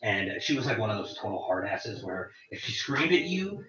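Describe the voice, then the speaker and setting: A man in his forties casually telling rambling, profane stories about touring, with animated quoting. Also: fairly low pitch, moderate pace, crowd noise. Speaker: guest telling tour stories. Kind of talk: casual storytelling chat. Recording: roomy, distant, dull lo-fi sound.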